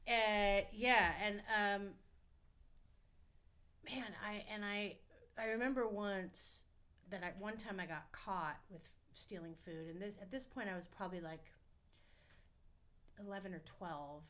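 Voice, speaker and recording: A woman's voice: mid-range voice, steady tone, measured pace, long pauses, fairly bright tone. A middle-aged woman, a podcast guest, telling stories in a candid, profane, rambling way with lots of fillers. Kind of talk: casual storytelling.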